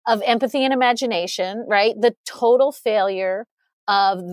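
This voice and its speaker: A woman's voice: mid-range voice, normal speed, no echo. A woman guest on an interview, speaking earnestly and articulately with frequent "you know" fillers and short laughs. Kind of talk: conversational analysis.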